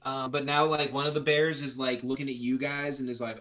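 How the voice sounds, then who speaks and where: Bright-voiced casual game master. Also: mid-range voice, little pitch movement, brisk, low-quality recording. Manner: rambling, filler-heavy, casual. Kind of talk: narrating a tabletop game.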